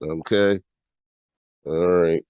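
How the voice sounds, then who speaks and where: A sick American podcast host with a nasal, stuffy voice, talking bluntly and reading news aloud. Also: male voice, sits low, steady tone, very slow, darkish tone, smooth, no echo, rough recording. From United States. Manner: blunt, repeats himself, swears freely.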